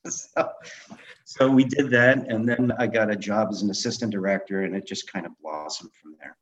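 Man, middle-aged, low voice, animated storyteller, acts out dialogue, dull lo-fi audio. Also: moderate pace, a little hiss or hum. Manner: animated anecdotes, acting out quoted dialogue. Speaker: guest, film director and memoir author. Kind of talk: conversational storytelling interview.

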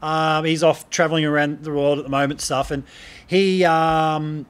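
A man's voice: on the high side, little pitch movement, moderate pace, clean tone. A middle-aged man hosting a casual chat, telling stories and asking questions. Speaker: host.

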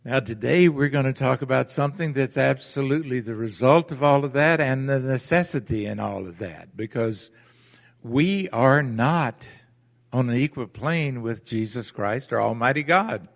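A man, a pastor, preaching a sermon with deliberate emphasis and rhetorical questions to his congregation. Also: medium pitch, creaky. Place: church sanctuary. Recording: church hall with long reverb.

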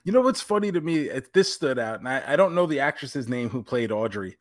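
A man's voice: mid-range voice, very animated, fairly quick, no echo, studio quality. Easygoing man who swears casually. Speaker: podcast co-host. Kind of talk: casual chat.

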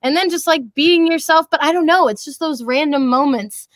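A woman's voice: sits high, moderate pace, no echo. A young woman who works as a voice actress, chatting casually in an interview in a bubbly, rambling way with lots of fillers. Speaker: voice actress and social media creator.

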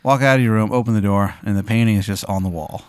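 A man's voice: on the low side, fast talker, smooth, no room sound, studio quality. A man hosting a podcast, casually narrating a spooky hypothetical with many fillers. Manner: rambling, filler-heavy narration. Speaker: podcast host posing a hypothetical. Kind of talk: casual improvised storytelling.

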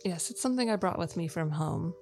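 A woman player speaking in character during a tabletop game, playful and flattering. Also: fairly low pitch, fast, gravelly, faint music behind.

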